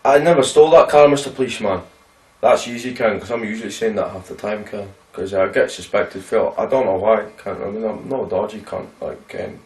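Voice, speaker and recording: A man's voice: on the low side, brisk, a little mellow, reverberant, distant mic, lightly acted. A man with an Aberdeen Scottish accent playing a brash, crude young ned in an amateur comedy sketch, talking coarse and blunt. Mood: boasting.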